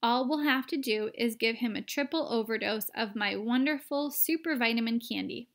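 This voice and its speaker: A woman's voice: on the high side, normal speed, close to an everyday voice. A woman voicing a cheerful, eccentric bearded candy maker with a breezy, offhand manner, in a storybook read-aloud.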